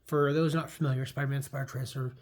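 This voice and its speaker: A man's voice: medium pitch, little pitch movement, fast talker, darkish tone. A man casually talking through an old comic book, rambling with lots of fillers and restarts. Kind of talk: casual chat.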